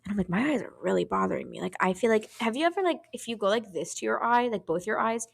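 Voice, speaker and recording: Talking at a quick pace with vocal fry in a medium-pitched voice, a young woman co-host tells a podcast story casually. She swears a lot, stays animated, and performs what each person said in their own voice.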